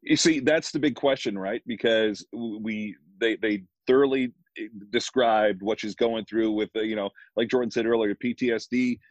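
A man's voice: lowish voice, normal speed, no echo. Easygoing man on a dull, dry mic. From US Midwest. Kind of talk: casual chat.

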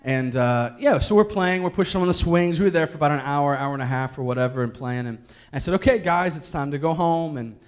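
A man's voice: mid-range voice, fast, clear, resonant tone. A man in his thirties, a pastor telling a candid family story in a sermon with jokes and restarts. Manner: candid, joking, many restarts.

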